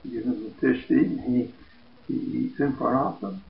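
A man retelling a Bible story as a lesson, in a plain storytelling voice that goes quiet for quoted speech. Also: mid-range voice, normal speed, gravelly. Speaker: Bible teacher. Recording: echoey, dull lo-fi room.

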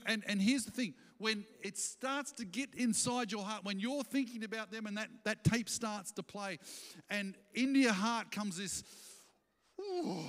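A man preaching a sermon as pastor, animated and acting out quoted voices as he speaks. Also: sits high. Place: church auditorium. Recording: long church reverb.

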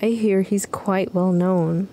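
A woman's voice: mid-range voice, steady tone, slow pace, mellow, a little hiss or hum. A woman doing a kindly motherly village woman.

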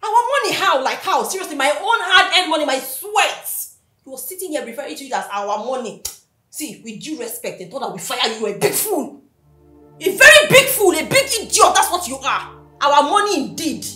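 A woman's voice: high-pitched, animated, a little fast, fairly bright tone, echoey room, faint music behind. An actress playing a scornful, sarcastic young woman with a Nigerian accent, scolding her idle boyfriend.

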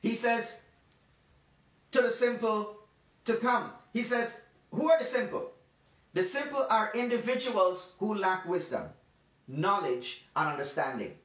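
A man with a high voice preaches a devotional sermon, leaning hard on key words and repeating them for emphasis. He sits back from the mic, and the room rings around his voice. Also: lively intonation, a bit bright. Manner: emphatic, repetitive preaching with slow stressed phrases. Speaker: pastor. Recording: roomy sound from a distant mic.

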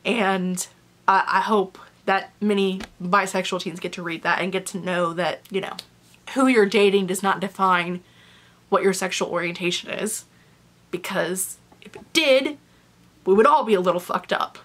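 A woman's voice: medium pitch, normal speed, a bit bright. A young woman chatting candidly in a book review vlog, casual and openly emotional, with the odd swear word.

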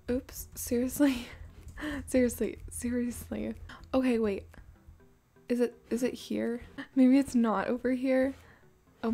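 A young woman with a slightly high voice talks through her gameplay in a relaxed, chatty way. She sounds tired and a little groggy, laughing at herself often, close on a desk microphone. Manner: chatty, giggly, self-deprecating. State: tired morning voice. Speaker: gaming YouTuber. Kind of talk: casual gameplay commentary. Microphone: desk USB microphone.

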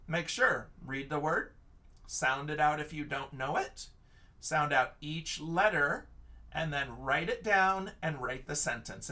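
A male teacher, recorded from a distance, gives an online lesson to young children, sounding out words letter by letter. He's patient and encouraging, with a fairly high, bright voice and a forceful tone.

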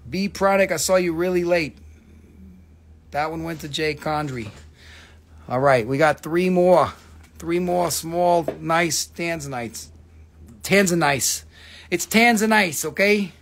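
Profane, joking man hosting a live sale. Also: on the high side. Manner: profane, joking, quick patter. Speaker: host selling crystals. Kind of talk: live-stream sales chat.

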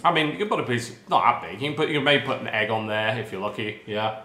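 A man's voice: mid-range voice, lively intonation, quick pace, bright, forceful tone. Sarcastic grumbling man, roomy sound. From United Kingdom. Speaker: snack taster. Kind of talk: casual chat.

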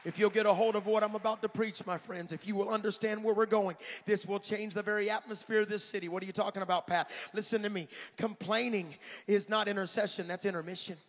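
A middle-aged man, an evangelist, preaching a fiery revival sermon in a large church, often shouting and counting down. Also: high voice, steady tone, fast talker, hardly any pauses, some chatter behind. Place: large church sanctuary at a conference. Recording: echoey church hall, dull lo-fi sound.

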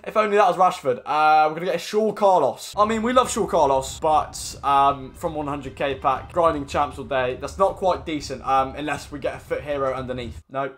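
A man's voice: fairly high pitch, normal speed, few pauses, a bit bright. A young man giving casual, slangy pack-opening commentary as a gaming YouTuber, rambling with lots of fillers.

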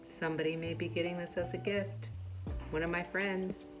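A woman's voice: lowish voice, fairly even intonation, normal speed. A woman vlogging in a casual, chatty way, thinking aloud as she goes. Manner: chatty, thinks aloud, drops to a whisper at times. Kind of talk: casual vlog chat. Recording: echoey room with music behind.

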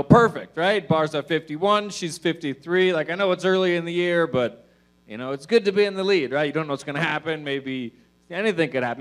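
A man's voice: on the high side, smooth. Loose, profane male stand-up comic. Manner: loose, profane, meandering delivery with many fillers. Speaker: stand-up comedian. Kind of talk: stand-up comedy set.

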